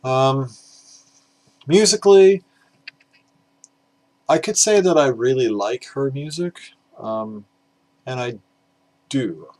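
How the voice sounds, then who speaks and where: A man's voice: mid-range voice, lively intonation, slow, a little mellow, rough recording. A man talking casually about vinyl records in a rambling, hesitant way, with plenty of fillers and the odd swear word. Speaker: record collector vlogger.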